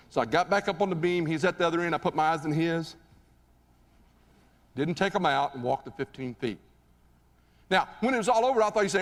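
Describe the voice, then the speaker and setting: A man giving a live motivational speech on stage, telling a story in an animated, conversational way and asking the audience questions. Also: sits high, a little fast, pauses often. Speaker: motivational keynote speaker. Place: stage in a large hall. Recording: reverberant hall recording.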